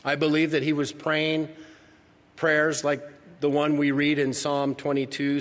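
A man preaching a sermon, reading scripture and swinging from loud, emphatic lines to hushed ones. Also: fairly high pitch, completely flat delivery, unhurried, long reverb tail. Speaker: pastor.

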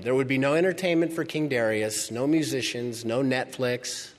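A man preaching a sermon, reading scripture and swinging from loud, emphatic lines to hushed ones. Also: mid-range voice, normal speed, hardly any pauses, in a large hall. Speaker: pastor.

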